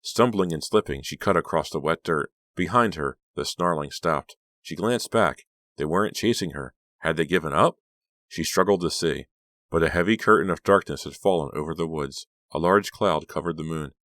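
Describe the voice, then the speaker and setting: Very deep-voiced man narrating. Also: no echo. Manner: steady, measured storytelling. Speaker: audiobook narrator. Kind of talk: scripted narration.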